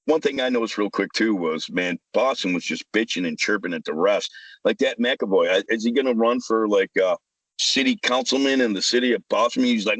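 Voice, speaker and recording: A man's voice: medium pitch, normal speed, a bit bright, no echo, poor audio. A man, hosting a casual sports chat, ranting heatedly, swearing and repeating himself. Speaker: sports podcast host.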